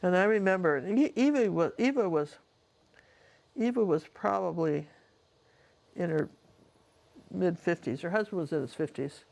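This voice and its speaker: A woman's voice: lowish voice, animated, normal speed, creaky, long pauses, a little mellow. A woman, a painting teacher, casually telling a personal story in a chatty, rambling way with lots of asides.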